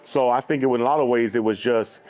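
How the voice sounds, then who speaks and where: A man's voice: mid-range voice, quick pace, darkish tone. A man telling a business story in casual dinner conversation at a restaurant table, loose and full of fillers. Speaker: brand co-founder.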